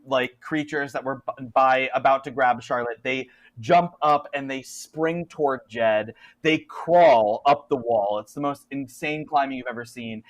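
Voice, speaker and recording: A man running a tabletop horror game as game master, narrating animatedly and often laughing. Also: on the high side. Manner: animated, quick to laugh, filler-heavy.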